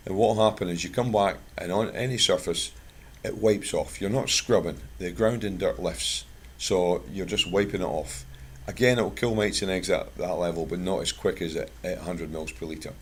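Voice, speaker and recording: A man's voice: deep voice, moderate pace, few pauses, slight background noise. A Scottish man from Scotland giving a chatty, plain-spoken talk to a bird club, mixing product advice with anecdotes. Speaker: guest speaker at a bird club.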